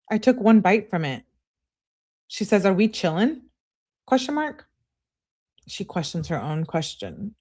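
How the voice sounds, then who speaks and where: A woman's voice: mid-range voice, darkish tone. A woman hosting a live stream, reading text messages aloud with speaker tags and breaking off to comment and greet viewers. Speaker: true-crime channel host.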